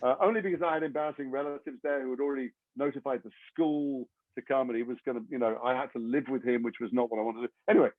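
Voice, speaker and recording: An English actor being interviewed, telling long rambling anecdotes with self-deprecating humor. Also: male voice, mid-range voice, fairly even intonation, very fast, few pauses, no echo. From England. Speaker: actor guest. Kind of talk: interview storytelling. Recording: tinny phone-like line, dry.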